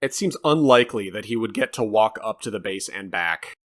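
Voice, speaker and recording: A man co-hosting a podcast, chatting casually about a film in an animated, rambling way with some swearing. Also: fairly low pitch, brisk. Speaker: podcast co-host. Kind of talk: casual film review chat.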